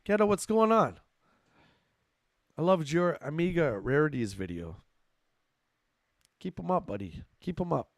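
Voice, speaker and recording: A man live-streaming a retro game, reacting loudly to the action and chatting with his viewers. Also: fairly high pitch, measured pace, long pauses, no echo, clean studio sound. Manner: excitable, yells at the game, chats with viewers. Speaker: livestream gamer. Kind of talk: live gameplay chat with viewers.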